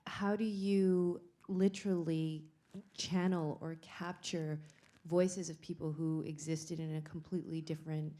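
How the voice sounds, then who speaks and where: Low flat-voiced woman moderating. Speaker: panel moderator. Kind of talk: moderating a panel.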